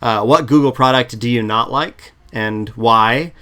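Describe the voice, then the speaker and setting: A man coaching on interview prep in a relaxed, chatty way, often restarting sentences, on a video call. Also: medium pitch, a little slow. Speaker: product management coach. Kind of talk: casual advice chat.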